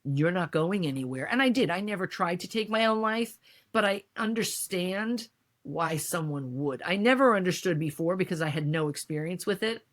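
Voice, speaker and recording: Candid American woman with a low voice. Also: moderate pace. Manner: emotional, candid, animated when quoting others. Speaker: podcast guest. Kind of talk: candid conversational interview.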